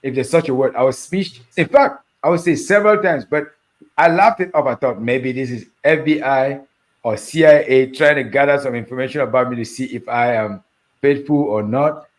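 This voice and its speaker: A man hosting an interview in a casual, animated way, with many short acknowledgments and easy laughter. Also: medium pitch, brisk. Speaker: host.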